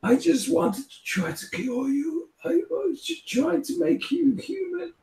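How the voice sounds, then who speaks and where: A man voicing a pleading man who only wanted to cure the vampires, in a high, pleading voice. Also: very animated, measured pace, a little mellow, full character voice. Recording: echoey room, heard from a distance.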